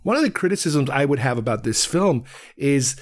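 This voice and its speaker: A man, from Queens, talks through a film in a loose, rambling solo commentary. His voice sits at an ordinary middle pitch. He thinks aloud as he goes. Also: animated, moderate pace. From Queens, New York. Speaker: film podcast host.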